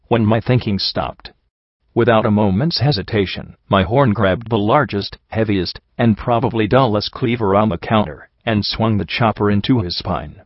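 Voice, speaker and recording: Low-voiced man narrating an audiobook. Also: no room sound. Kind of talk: first-person story narration. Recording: dull, dry.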